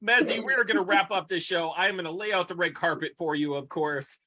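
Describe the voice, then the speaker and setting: A man's voice: sits high, brisk, pushed and bright, slight background noise. A man from the United States hosting a podcast, upbeat and enthusiastic in casual interview chat. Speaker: podcast host.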